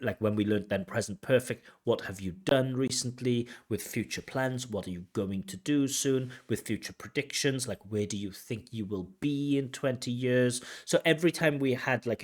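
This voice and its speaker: Man breaking down test answers. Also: fairly low pitch. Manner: explanatory, breaks off to analyse replies. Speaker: IELTS examiner giving feedback. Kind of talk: recorded test commentary.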